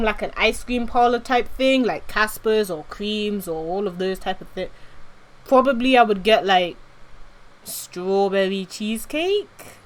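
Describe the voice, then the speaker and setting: A young British woman chatting casually on a live stream, giggly and reading out chat. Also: mid-range voice. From Britain.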